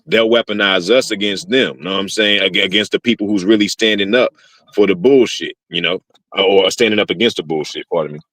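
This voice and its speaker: A man's voice: fairly low pitch, a little fast, a bit bright, no room sound, poor audio. A man on a podcast panel, a tradesman, talking animatedly in AAVE with lots of profanity and "know what I'm saying.". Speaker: guest panelist, HVAC worker. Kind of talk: casual podcast chat.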